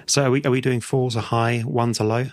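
A man's voice: medium pitch, fairly even intonation, fairly quick, dry recording, clean studio sound. A man playing in a comedy podcast game, rambling and poking fun at himself. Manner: rambling, self-mocking. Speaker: player.

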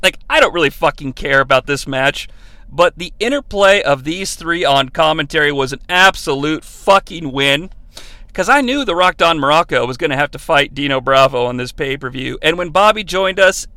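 A man hosting a podcast, giving a sarcastic, profane comedy recap with lots of excitement. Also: fairly high pitch, no echo. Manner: excitable, sarcastic, swears freely. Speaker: podcast host. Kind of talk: profane comedic recap of an old wrestling event.

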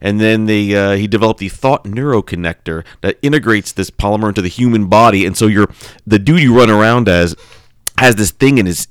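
A man co-hosting a casual podcast, rambling and swearing as he talks excitedly about a video game. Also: on the low side, clear, resonant tone, dry recording. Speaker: podcast co-host. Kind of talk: casual chat.

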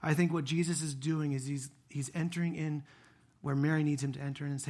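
A man in his thirties preaching a sermon, conversational and animated, building to emphatic peaks. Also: fairly high pitch, quick pace. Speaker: pastor.

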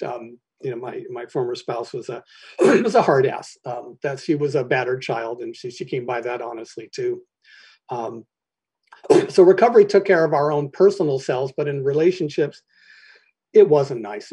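Husky man sharing his recovery story. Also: mid-range voice, dark tone. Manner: halting and candid, with frequent throat clearing and ums. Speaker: recovery meeting speaker. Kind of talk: personal recovery share.

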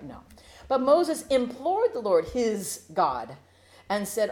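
A woman teaching a verse-by-verse Bible study for women, playful and animated, acting out the quotes, then earnest and urgent when she exhorts. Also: a little high, slow. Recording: roomy echo.

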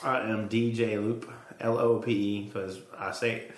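A man's voice: fairly low pitch, level tone, measured pace. A man with a Southern accent, co-hosting a casual podcast chat, drawling and repeating his words. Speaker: podcast co-host. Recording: roomy echo.

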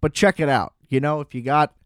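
A man's voice: on the high side, a little fast, a bit bright, dry recording, studio quality. A young man casually reviewing a TV series in a rambling monologue, with lots of filler words and profane asides. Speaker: show reviewer.

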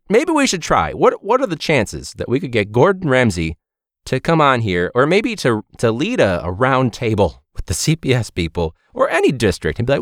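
Animated, sarcastic teacher podcaster man. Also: lowish voice, no room sound, clean studio sound. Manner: animated, sarcastic, swings into loud mock outbursts. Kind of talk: casual ranting monologue.

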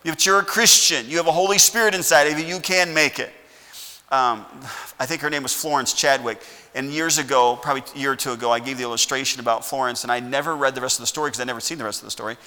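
Pastor guy preaching, folksy, bright voice, big church reverb. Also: mid-range voice, fast talker. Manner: folksy, keeps asking "all righty?". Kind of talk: sermon. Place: church sanctuary.

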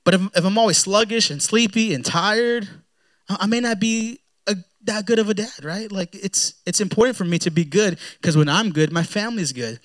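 A man preaching a sermon in a relaxed, conversational way, often repeating words as he acts out his own prayers. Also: sits high, normal speed. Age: young adult to middle-aged, a father. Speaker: pastor.

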